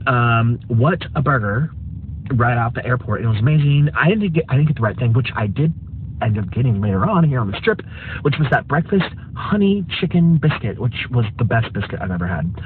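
A man's voice: mid-range voice, animated, a little fast, narrow, tinny audio, a little hiss or hum. A man chatting in a campy, mock-haughty way while vlogging from his parked car, recorded on a phone. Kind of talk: casual car vlog. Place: parked car in a drive-thru line. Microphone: phone camera.

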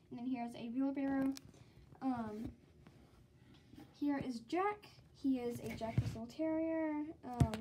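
A high-pitched, giggly woman from the American South walks through her toy collection in a loose, rambling way, dropping "um" and "like" everywhere. Heavy steady background noise and clicks run under her voice throughout. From Southern United States. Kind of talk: casual show-and-tell tour.

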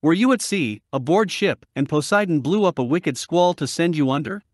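A man voicing a shrewd, weathered wandering hero in an audiobook reading, speaking in a measured, courteous way. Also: fairly high pitch, animated, dry recording, studio quality, natural voice.

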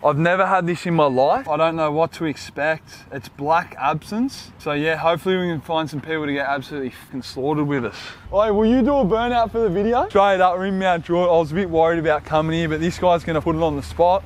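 In a casual vlog, a brash young Australian man in his twenties jokes around and swears freely. His voice is a little high with fairly even intonation, and he talks quickly with hardly any pauses over a slight hiss or hum.

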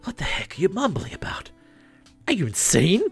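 A man reading a deadpan, sarcastic student. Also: sits high, normal speed, creaky, slightly rough, soft background music, voice pushed up, exaggerated voice.

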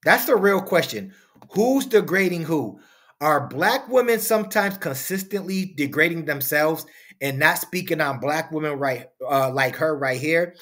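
A man's voice: a little high, lively intonation, unhurried, a bit bright. A man hosting a reaction commentary video, preaching and firing off rhetorical questions. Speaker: commentary channel host.

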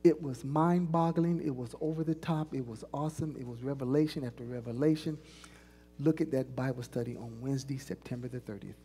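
Here a woman pastor with a deep bass voice and warm tone speaks a little quickly with fairly even intonation, over slight background noise. Her sermon uses call-and-response, getting the congregation to echo phrases, and she stretches key lines for emphasis. Long reverb fills the church sanctuary.

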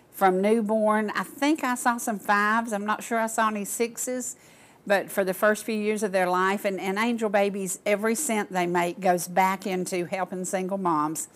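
An older woman from Georgia, hosting a local talk show and chatting casually to viewers in a gushing, folksy way. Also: medium pitch. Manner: gushing, folksy, addresses audience as y'all.

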